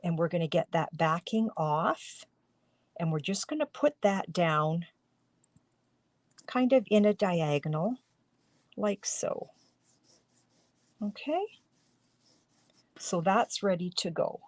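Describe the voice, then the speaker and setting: A woman's voice: fairly low pitch, animated, slow pace, long pauses, dry recording. A middle-aged woman demonstrating card making on a live stream, chatty and talking viewers through each step, with a tickle in her throat. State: throat tickle, coughing now and then. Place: home craft studio.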